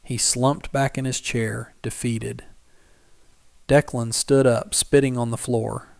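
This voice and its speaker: A man reads a Western tale in a measured, dramatic storytelling manner, his voice at an ordinary pitch. The recording is very dry and close, with no room sound. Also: little pitch movement, vocal fry, darkish tone, no room sound. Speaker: narrator. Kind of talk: scripted story narration.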